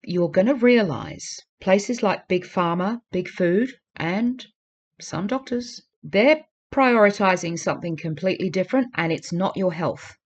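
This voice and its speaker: A woman talking straight to her viewers in a casual vlog. Her voice sits at an ordinary middle pitch. She sounds earnest and urging, and she keeps repeating her pleas to drive the point home. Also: expressive, unhurried, lo-fi sound. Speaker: vlogger. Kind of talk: casual talk to camera.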